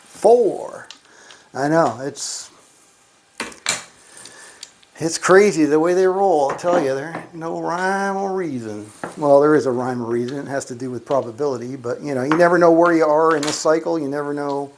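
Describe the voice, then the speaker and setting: A gambling vlogger plays electronic craps in a casino, casually narrating, announcing every dice roll, and muttering mild swears under his breath. His voice is fairly high, and a slight hiss or hum is audible.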